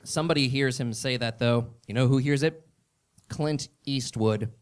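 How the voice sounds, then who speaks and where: A man performing an excitable comedy monologue, often building up to shouts. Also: medium pitch, moderate pace, smooth.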